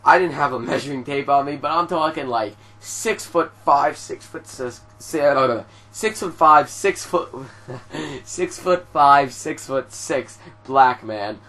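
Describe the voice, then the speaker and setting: A young man telling a story to his viewers in a casual, animated way, swearing often and filling his talk with "like". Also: on the high side, measured pace. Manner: profane, animated storytelling with frequent fillers. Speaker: vlogger.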